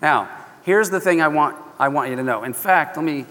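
Animated, folksy preacher in a hall. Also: male voice, fairly high pitch, fairly quick. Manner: animated, folksy, self-interrupting. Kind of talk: sermon storytelling. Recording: long echo of a large hall.

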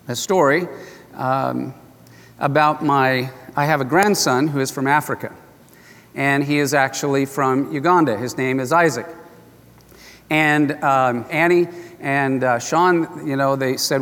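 A man's voice: on the high side, fairly bright tone, long reverb tail. An older man preaching as a pastor, telling a story in an earnest, conversational way. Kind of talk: sermon with storytelling.

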